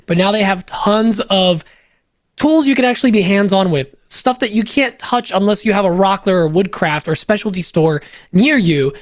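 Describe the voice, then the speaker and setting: This podcast co-host, a native Polish speaker, handles the casual ad reads at normal speed with a high, lively voice. He keeps things joking and upbeat with plenty of fillers, and the studio-quality recording has no room sound.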